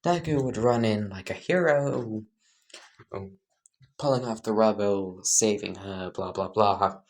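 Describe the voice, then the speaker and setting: A woman's voice: rumbling low, unhurried, a little mellow. A woman casually narrating a made-up fan story, rambling, correcting herself and laughing at her own jokes.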